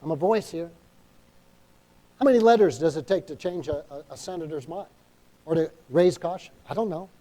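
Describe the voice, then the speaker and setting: A male pastor with a New England accent preaches with a high, warm voice. He is emphatic, stops often for an amen, and acts out small dialogues as he goes. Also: expressive, brisk. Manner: emphatic preaching, calls for amens; acts out quoted inner dialogue. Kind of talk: sermon.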